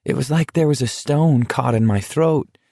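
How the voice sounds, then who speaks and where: A man voicing an earnest teenage boy in a deadly walking contest, speaking in a confiding, rambling, quietly hurt way. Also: mid-range voice, moderate pace, gravelly, dry recording, studio quality, pitched above the performer's own voice.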